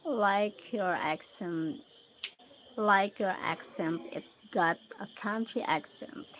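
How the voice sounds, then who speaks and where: A woman with a Filipino accent hosting a casual livestream, slowly reading out viewers' comments and thanking them one by one. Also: medium pitch, a bit bright, slight background noise, rough recording. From Philippines. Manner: slow, unhurried greetings and thanks to viewers. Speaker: livestream host.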